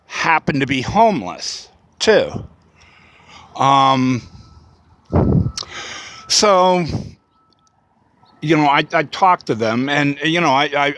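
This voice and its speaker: Slow-talking man musing aloud. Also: medium pitch, a bit bright. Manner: rambling, many fillers and restarts. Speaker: vlogger. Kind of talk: casual spoken reflection.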